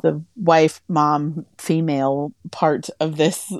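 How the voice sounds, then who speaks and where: A woman's voice: takes it slowly, no room sound, studio quality. A woman co-hosting a podcast, chatting casually and telling stories, acting out what people said with big jumps in her voice. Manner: chatty storyteller, acts out quotes with animated pitch jumps. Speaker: podcast co-host. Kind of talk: casual chat.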